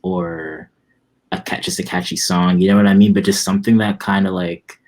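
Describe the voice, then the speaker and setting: A young man in his twenties, a musician guest in a casual interview, talking in a relaxed, rambling way with lots of fillers. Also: low voice, moderate pace.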